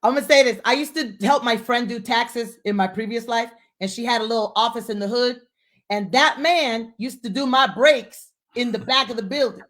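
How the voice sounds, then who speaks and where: A woman's voice: on the high side, moderate pace, a bit bright. A woman hosting a live stream conversation, speaking with enthusiasm and addressing viewers directly.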